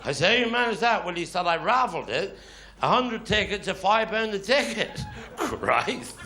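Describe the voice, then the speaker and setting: A man's voice: high-pitched, big pitch swings, moderate pace, pushed and bright, soft background music. A Cornish man performing live stand-up comedy, telling dialect stories with grumbling quoted voices. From Cornwall. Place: live stage before an audience. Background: audience laughter.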